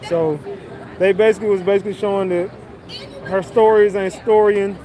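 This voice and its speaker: High-voiced man ranting on a street. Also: fairly even intonation, fairly quick, dark tone, a faint crowd. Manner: blunt, profane, mocking retelling. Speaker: commentary vlogger. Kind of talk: casual recap commentary.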